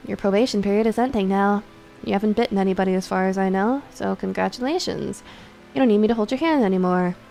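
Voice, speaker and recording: A dry, stern nun who delivers everything in a cool, measured deadpan, as a woman streamer puts her on. She sits lower and softer than the streamer's usual bright voice, unmoved by any panic around her. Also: creaky, faint music behind, natural voice, poor audio. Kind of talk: voice acting a game's dialogue on stream.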